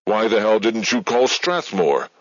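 A man's voice: lowish voice, animated, measured pace, a bit bright, no room sound, voice pushed up, exaggerated voice. A man reading an audiobook, voicing a cold, domineering male director who speaks curtly and commandingly. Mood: angry, commanding. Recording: dull, lo-fi dry studio.

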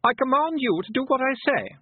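A man voicing a bossy, frightened young nobleman boy who gives orders in a shrill, raised voice. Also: big pitch swings, brisk, husky, dry recording, heavily acted. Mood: imperious. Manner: imperious, shrill. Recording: tinny phone-like dry recording.

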